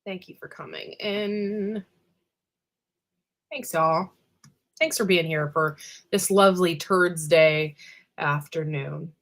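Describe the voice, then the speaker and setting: A woman's voice: lowish voice, slow, pauses often, a bit bright. A woman hosting a casual livestream, rambling between asides and greeting viewers by name one by one, with plenty of ums and trailing thoughts. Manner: lots of fillers and trailing asides. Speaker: livestream host.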